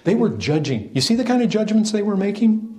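Animated preaching man in an echoey hall. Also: sits high, fairly quick. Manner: emphatic, animated preaching with restarts and rhetorical questions. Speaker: pastor. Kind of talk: sermon.

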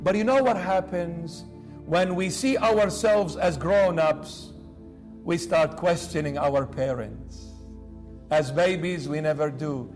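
A man's voice: a little high, slow pace, darkish tone, faint music behind. A man preaching a sermon with dramatic emphasis, acting out the voices of the people he quotes.

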